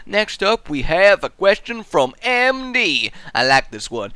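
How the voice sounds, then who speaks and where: Bright, animated man goofing around. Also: mid-range voice, normal speed, hardly any pauses, smooth, no echo. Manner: goofy, animated, bursts into shouts and sound effects. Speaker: gaming YouTuber answering viewer questions. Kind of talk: casual Q&A vlog.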